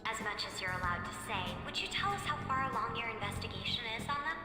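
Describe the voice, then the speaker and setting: A woman's voice: fairly high pitch, animated, fast talker, close to an everyday voice. A woman voicing a poised teenage girl who hosts a school panel and questions a guest with formal persistence. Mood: probing. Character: poised teen girl student council interviewer. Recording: echoey hall sound over game music.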